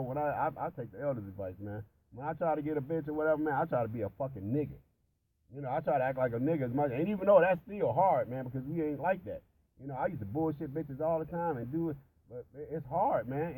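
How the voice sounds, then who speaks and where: Profane rambling man, dark voice. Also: on the high side, a little hiss or hum, rough recording. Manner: rambling storytelling with heavy profanity and restarts. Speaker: religious discussion participant. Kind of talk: casual profane chat about scripture.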